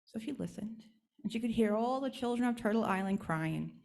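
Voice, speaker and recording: A woman's voice: a little high, expressive, brisk, vocal fry. Woman telling a teaching story. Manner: warm, instructive storytelling. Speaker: guest speaker and storyteller. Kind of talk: storytelling talk at a church service. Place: church.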